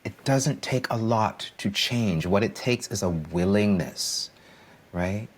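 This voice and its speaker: Deep, husky-voiced man coaching earnestly. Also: slow. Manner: emphatic, repeats key phrases, asks "right?" for agreement. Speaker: coach and podcast guest. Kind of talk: earnest podcast discussion.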